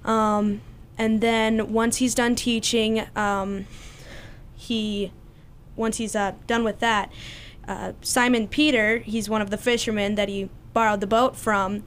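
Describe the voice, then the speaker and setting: This Bible study participant, a young woman, takes her time, speaking in a level, medium-pitched voice over a faint hiss or hum. She retells the Bible story informally, with many fillers and restarts.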